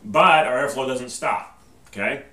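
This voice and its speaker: Man, band teacher, patient step-by-step lesson, bright tone, faint background noise. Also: medium pitch, measured pace. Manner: patient, repeats "okay?" after each step. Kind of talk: instructional video lesson. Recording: roomy echo, distant mic, faint noise.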